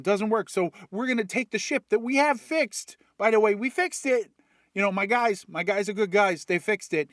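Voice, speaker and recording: A man's voice: high-pitched, animated, moderate pace, fairly bright tone, dry recording, studio quality. Profane, rambling comedic man. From Worcester, Massachusetts. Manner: profane, rambling, jokey asides. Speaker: comedic recapper. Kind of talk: comedic story retelling.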